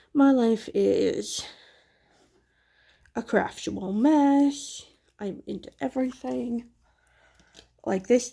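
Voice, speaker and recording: Slow, gravelly woman rambling candidly. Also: mid-range voice, dark tone. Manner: rambling, candid, self-deprecating. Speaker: craft vlogger and mother. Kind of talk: casual chat while crafting.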